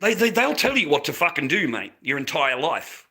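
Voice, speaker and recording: A man's voice: on the high side, sing-song, moderate pace, sharp tone. An Australian man talking casually to camera, ranting and swearing constantly. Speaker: vlogger selling handmade masks.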